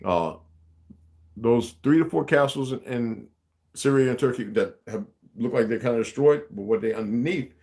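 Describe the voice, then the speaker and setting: A man's voice: medium pitch, expressive, moderate pace, darkish tone. A man ranting on a livestream to his viewers, emphatic and profane, rambling and greeting chat viewers by name. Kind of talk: unscripted livestream rant.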